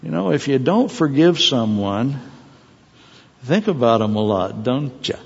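A man preaching a sermon in an animated way, with joking asides and digressions. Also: medium pitch, a little slow, vocal fry, slightly rough. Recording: dull sound with long hall reverb.

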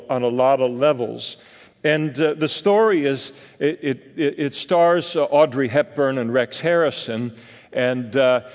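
Older man preaching in a reverberant hall. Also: mid-range voice. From California. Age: 60s. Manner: folksy, rambling storytelling with many fillers. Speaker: pastor. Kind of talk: sermon.

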